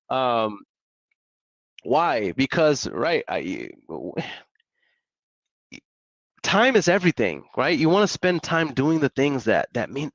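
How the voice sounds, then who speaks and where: A man's voice: a little high, no room sound, dull audio. A man, a real estate investor and coach, talking energetically on a live stream with casual slang and repeated motivational points. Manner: energetic, repetitive, hype-coach delivery; casual slang, chatty asides to viewers.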